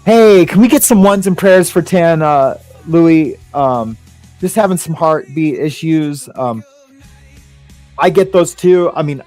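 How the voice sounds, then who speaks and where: A man's voice: fairly high pitch, lively intonation, measured pace, a little mellow, no echo, faint music behind. Rambling, hesitant man hosting a livestream. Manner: rambling, hesitant, many ums, greets viewers by name. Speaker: livestream host. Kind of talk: casual livestream chat.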